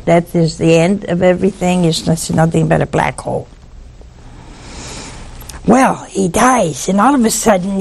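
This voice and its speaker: Her voice lowish, gravelly and a bit mellow, a woman on a religious broadcast delivers preachy storytelling. She speaks earnestly and emphatically, repeating lines for effect.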